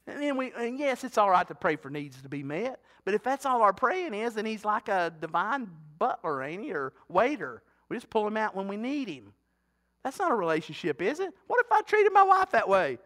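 High, bright-voiced folksy preacher man. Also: sing-song, fairly quick. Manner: folksy, talkative preaching with rhetorical questions to the congregation. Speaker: pastor. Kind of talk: sermon.

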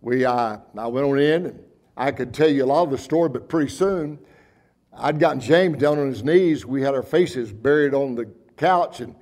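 A man's voice: mid-range voice, normal speed. A man preaching a sermon, telling a story in a folksy, earnest way. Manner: folksy, earnest, repeats words when excited. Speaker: pastor.

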